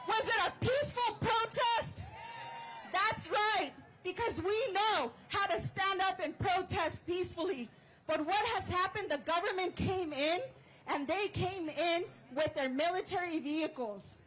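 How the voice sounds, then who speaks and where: A woman union organizer giving an impassioned rally speech outdoors, shouting call-and-response chants to the crowd. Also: very high voice, low-quality recording.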